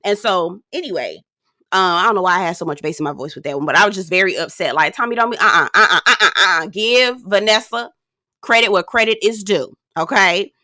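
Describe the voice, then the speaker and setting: A woman giving a sassy, animated recap and review of a reality dating show. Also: medium pitch, brisk, no room sound, studio quality. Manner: sassy, animated, drops into quoted voices. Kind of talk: casual commentary recap.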